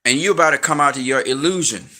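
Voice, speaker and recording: Male commentator, forceful slightly high voice, blunt profane rant, lecturing tone. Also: fast. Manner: slangy and emphatic, grows heated and rises in pitch. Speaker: online commentator. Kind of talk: unscripted rant to viewers.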